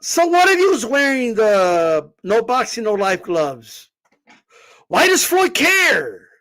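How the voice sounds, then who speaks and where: A man hosting boxing commentary, ranting in a casual, profane, incredulous way and bursting into shouts. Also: extremely high pitch, huge pitch swings, slow. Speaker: boxing commentator, channel host.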